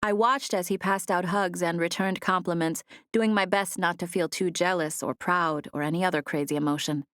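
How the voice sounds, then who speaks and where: Woman with a low, even voice for a first-person audiobook; close, dry studio read. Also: moderate pace, hardly any pauses, no room sound. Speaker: audiobook narrator. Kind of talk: scripted first-person narration. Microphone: close studio mic.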